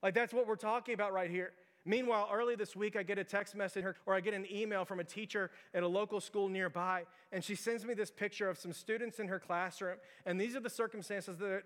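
A man preaching a sermon as pastor, casual and animated, telling stories with lots of "like" to his church. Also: sits high, a little fast. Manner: conversational, animated, storytelling with lots of "like". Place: church sanctuary. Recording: long hall reverb.

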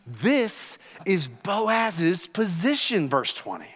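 High-voiced, slow-speaking male pastor preaching an emphatic teaching sermon in a church, long hall echo. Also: sing-song, fairly bright tone. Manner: emphatic, teaching, acts out quoted scenes.

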